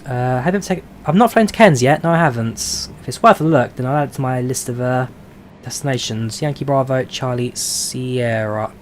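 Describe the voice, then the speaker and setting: A brisk, medium-pitched male voice with a London accent belongs to a flight sim streamer from London, England. He chats casually on a live stream while flying a simulator, reading viewer questions and answering with lots of "uh"s, with slight background noise behind him.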